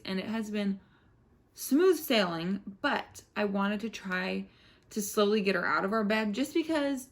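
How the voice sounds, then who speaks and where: A young woman and new mother giving her views in a casual vlog, talking frankly with many filler words. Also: mid-range voice. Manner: chatty, frank, lots of "like" fillers. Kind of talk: casual parenting chat.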